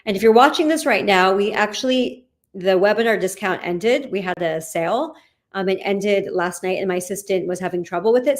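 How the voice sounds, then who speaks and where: A woman guest teacher wrapping up quickly in a chatty way. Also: medium pitch. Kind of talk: casual sign-off.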